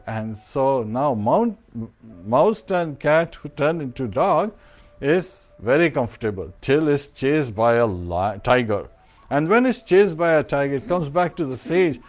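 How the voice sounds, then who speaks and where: A man's voice: mid-range voice, darkish tone. A man giving a devotional sermon as a spiritual teacher, chanting verses and mantras and telling a parable.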